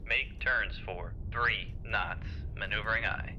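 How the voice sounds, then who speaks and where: A man's voice: on the low side, slow pace, lo-fi sound, noisy background. A man voicing a male submarine crewman in a game, giving clipped, formulaic helm and sonar callouts. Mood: terse. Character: male submarine crew voice calling out helm orders. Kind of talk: game voice lines. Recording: game audio under music.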